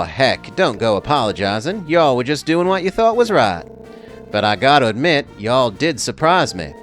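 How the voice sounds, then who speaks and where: A man's voice: on the high side, a bit bright. A man doing a drawling Texan cowboy. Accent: put-on Texan. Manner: drawling, folksy. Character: folksy old cowboy park owner, man.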